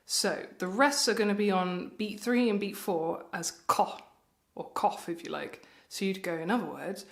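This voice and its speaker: Woman ukulele tutor, chatty and encouraging, mid pitch, echoey room. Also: expressive, normal speed, loud music behind the voice. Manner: chatty and encouraging, counts beats aloud. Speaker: music tutor. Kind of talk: friendly instrument tutorial. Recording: roomy echo with ukulele playing.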